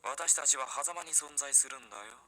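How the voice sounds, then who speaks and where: An actor voicing a teasing, enigmatic male dream demon in a game, with a soft, mysterious delivery. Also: mid-range voice, rapid-fire, a little hiss or hum.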